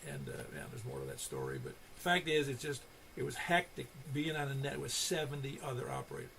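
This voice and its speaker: A man's voice: medium pitch, lively intonation, fast talker, creaky, a bit bright, slight background noise. An older man hosting an amateur radio net, telling stories in a rambling, casual way full of restarts. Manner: rambling storyteller with many restarts. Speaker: net control host. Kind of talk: casual ham radio chat.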